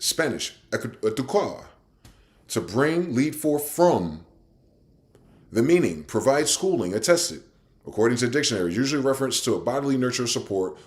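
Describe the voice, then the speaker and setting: A podcast host rants through his own show, cursing as he reads out word definitions and lurching from loud outbursts to low mutters.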